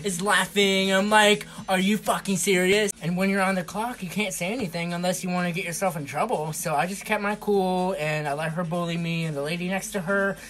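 A man's voice: high-pitched, steady tone, brisk, hardly any pauses, a bit bright. A young man casually telling a story about his retail job in an exasperated, incredulous way. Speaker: retail worker vlogger.

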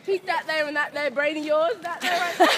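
A woman's voice: high-pitched, very animated, moderate pace. A young woman putting on a silly, giggly, sing-song voice while goofing around outdoors. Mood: playful. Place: outdoors on a university campus. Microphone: phone camera. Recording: phone video with clear street noise outdoors.

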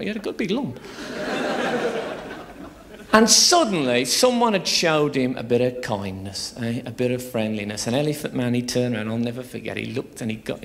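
A man's voice: a little high, creaky, fairly bright tone. A man in his thirties doing a crude, chatty live stand-up routine on a theatre stage, teasing the audience. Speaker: stand-up comedian. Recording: live show with audience laughter.

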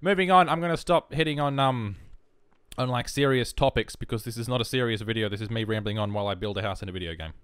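A man's voice: mid-range voice, fast talker, a bit bright, clean tone, no echo, clean studio sound. A man with an Australian accent rambling in casual, jokey, self-mocking commentary over a video game. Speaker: gaming YouTuber. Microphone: headphones and desk mic.

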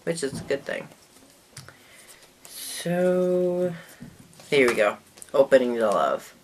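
A woman's voice: very deep voice, expressive, slow pace, slight background noise. A woman vlogger in a casual show-and-tell talk to the camera, chatty and rambling, often trailing off mid-sentence.

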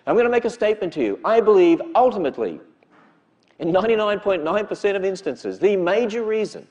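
A man's voice: high-pitched, animated, fast, a little mellow, lo-fi sound. A man gives an emphatic lecture to a church audience, often putting rhetorical questions to them. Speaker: speaker addressing a church audience.

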